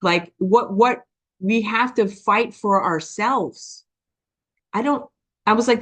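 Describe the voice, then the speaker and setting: A woman giving a personal testimony, talking quickly and passionately, often checking in with "okay?" and acting out voices as she tells her story. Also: medium pitch. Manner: animated storytelling with quoted dialogue. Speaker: business testimony speaker.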